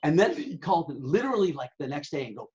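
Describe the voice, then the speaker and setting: A man spins loose, profane anecdotes, now and then putting on the voices of the people in them. His voice is husky and a bit high, and the recording sounds dull and lo-fi. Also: sing-song, quick pace, darkish tone. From Southern California. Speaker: interview guest, sailing website owner. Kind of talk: casual storytelling.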